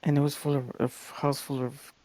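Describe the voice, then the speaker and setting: A young woman co-hosting a podcast, telling stories in a lively, animated way and acting out the voices of the people in them. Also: extremely low pitch, normal speed, no echo. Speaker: podcast co-host. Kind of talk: casual chat, storytelling.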